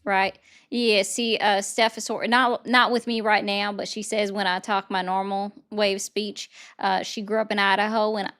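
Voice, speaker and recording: A woman hosting a casual live-stream chat, talking in a chatty, sarcastic way with quick asides. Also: mid-range voice, flat delivery, fairly bright tone, clean tone. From United States. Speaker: host.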